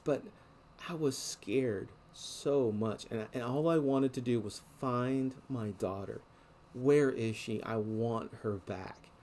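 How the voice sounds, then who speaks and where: A man's voice: medium pitch, darkish tone. A middle-aged man preaching a sermon in an earnest, conversational way, restarting phrases often.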